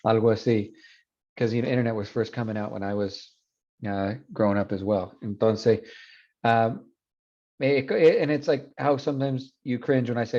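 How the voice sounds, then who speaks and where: Male instructor, thirties, bilingual lecture, mellow tone, dull lo-fi recording. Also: mid-range voice, fairly quick. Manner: switches between Spanish and English, frequent restarts. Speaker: university Spanish instructor. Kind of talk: classroom lecture.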